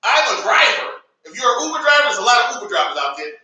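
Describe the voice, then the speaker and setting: A man's voice: very high-pitched, big pitch swings, fast talker, bright, forceful tone. An American man teaching an Arabic grammar class, calling on students and having them repeat words after him. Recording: echoey classroom, from far off.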